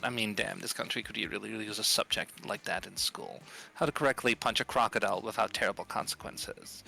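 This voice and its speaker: A man's voice: on the low side, fairly even intonation, brisk, vocal fry, pushed and bright, rough recording. A man casually playing a game on video, reading the on-screen text aloud with sarcastic asides. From outside the US. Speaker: gaming YouTuber. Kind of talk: casual let's play commentary.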